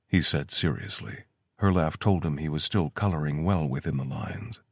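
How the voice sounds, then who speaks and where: Male audiobook narrator, deep voice, husky, steady measured reading, dry close sound. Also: no echo.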